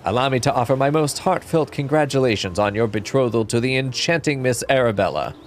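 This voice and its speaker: A man voicing a pompous, flamboyant gentleman inspector with grandiloquent, theatrical delivery. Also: mid-range voice, lively intonation, fairly quick, close to an everyday voice. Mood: grandiose.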